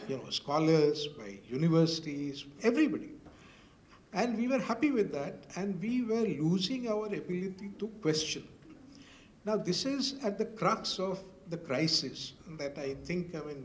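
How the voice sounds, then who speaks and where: A man's voice: fairly high pitch, roomy sound, slight background noise. An older man with an Indian English accent, a former newspaper editor speaking on a university panel in a hesitant storytelling way full of "I mean" fillers.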